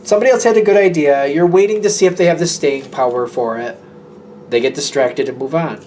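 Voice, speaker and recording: Male tarot reader with a somewhat high voice, chatty and meandering, slight background hiss. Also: fairly quick, a little mellow. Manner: chatty, rambling, acts out imagined dialogue. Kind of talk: casual tarot reading monologue.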